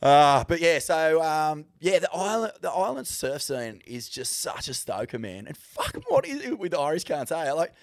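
A man's voice: a little high, sing-song, normal speed, few pauses, no room sound. Sweary laid-back Australian man. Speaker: podcast co-host. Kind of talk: casual chat.

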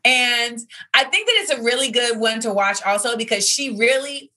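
Chatty woman comedian, bright voice. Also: on the high side, normal speed. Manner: chatty, storytelling, full of fillers like "you know". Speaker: comedian hosting a podcast segment. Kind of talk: casual monologue.

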